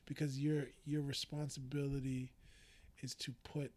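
A man's voice: medium pitch, little pitch movement, measured pace, darkish tone. A man, a musician guest in a casual interview, talking animatedly and often asking "you know what I mean?".

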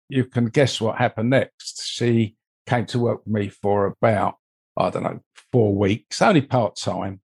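A man's voice: medium pitch, darkish tone, husky. An older man, telling a long, rambling personal story as an interview guest and filling it with "you know" asides. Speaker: interview guest, mold investigator. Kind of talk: conversational storytelling.

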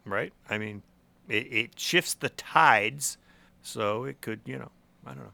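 A man's voice: medium pitch, unhurried, creaky, bright, forceful tone, no echo. A young man co-hosting a podcast in casual chat, joking, laughing often and stumbling over repeated words. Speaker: podcast co-host.

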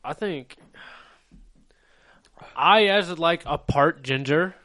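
Young man, podcast co-host, deadpan teasing, slightly high pitch. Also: slow. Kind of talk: casual podcast banter.

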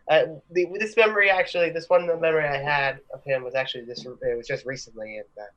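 Young male co-host, slightly high, rambling and giggly storyteller. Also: normal speed, fairly bright tone, rough recording. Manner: rambling, laughing, restarts stories. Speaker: podcast co-host. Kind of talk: casual chat.

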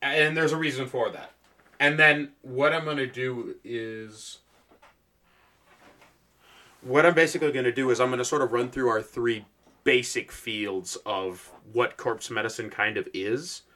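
A man's voice: medium pitch, unhurried. A man co-hosting a casual podcast, walking through his research with lots of laughter and swearing. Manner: lively, swearing, laughs often. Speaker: podcast co-host presenting the topic. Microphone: podcast microphone.

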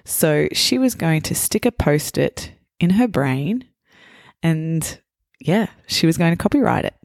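This is a woman hosting a podcast in a measured teacher voice. Her voice sits on the low side and she explains things clearly for learners. The recording is dry and close to the mic. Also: expressive, a little mellow, no echo. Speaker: podcast host. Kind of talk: casual interview, slow teacher voice.

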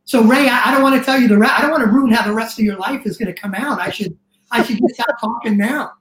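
An earnest middle-aged man speaking as a guest coach in casual interview talk. He gets emotional and rushes into restarts as he tells his story. The sound is roomy, with a noticeable echo. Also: extremely high pitch, a bit bright.

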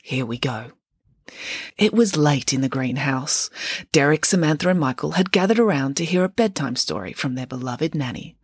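A woman who writes and hosts a podcast, narrating a bedtime story in a slow, expressive manner. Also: low voice, slightly rough, dry recording. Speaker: children's author and podcast host.

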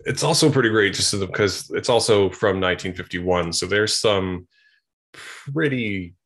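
A man's voice: lowish voice, a little slow, fairly bright tone. A man co-hosting a podcast, casually and thoughtfully retelling film scenes with a wry tone. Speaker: podcast co-host.

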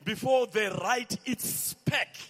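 Man, very high voice, unhurried fervent preacher, sing-song shouts, long hall echo. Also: slightly rough. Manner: sing-song, swelling to shouts, calls for amens. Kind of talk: impassioned sermon.

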